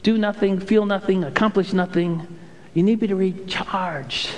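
High-voiced animated pastor in an echoey hall. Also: male voice, fairly quick. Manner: animated storytelling with playful impressions. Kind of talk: sermon.

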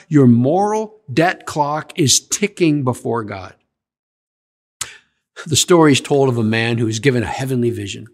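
Man, sermon, lively rising and falling pitch, fairly high voice, questions to the listeners. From Canada. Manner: animated, questions the audience. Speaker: pastor.

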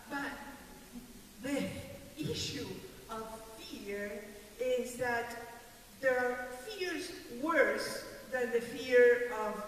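An older woman pastor with a non-native English accent preaches a sermon, emphatic, repeating key phrases and laughing lightly. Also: a little high. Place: church sanctuary. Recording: echoey hall from far off, faint hiss.

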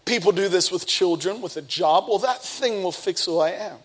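Energetic man preaching a story-filled sermon. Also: sits high, moderate pace. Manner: energetic storytelling, bursts of speed and emphasis. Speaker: pastor.

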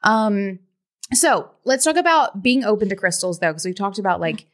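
A woman's voice: medium pitch, moderate pace. A woman hosting a podcast, chatting casually with lots of "like" and easy laughter. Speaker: podcast host. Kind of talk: casual chat.

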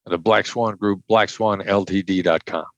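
Here an older Midwestern man, formerly a hostage negotiator, is interviewed about his techniques, his voice on the low side with a steady tone and moderate pace. The audio is dry and dull. His conversational explanation is emphatic and blunt, and he returns to key points again and again.

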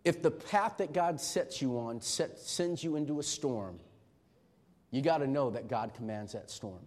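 A middle-aged man preaching a sermon as pastor, emphatic and swinging from shouting to hushed tones. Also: medium pitch, animated, a little slow.

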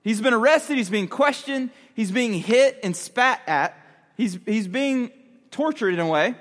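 A man's voice: very high-pitched, animated, unhurried, a bit bright. A man giving a casual youth sermon, talking with the audience and asking them questions. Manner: conversational, asks the audience questions. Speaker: youth pastor. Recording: long hall reverb.

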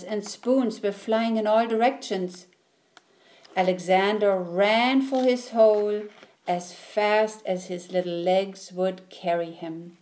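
A woman reads a children's picture book aloud, gentle and expressive. Her pace is slow and unhurried, and her tone is mellow and soft. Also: medium pitch. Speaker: storyteller.

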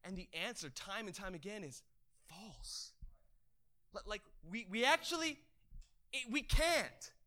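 A man preaching an energetic sermon as a pastor, excitable, stammering over restarts and bursting into shouts. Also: high-pitched, a little slow, long pauses.

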